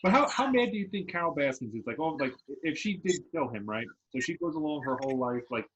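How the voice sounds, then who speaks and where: A man's voice: fairly high pitch, very animated, quick pace, highs cut off, a little hiss or hum. A laid-back man co-hosting a casual podcast over a remote call, full of fillers. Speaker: podcast co-host. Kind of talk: casual chat.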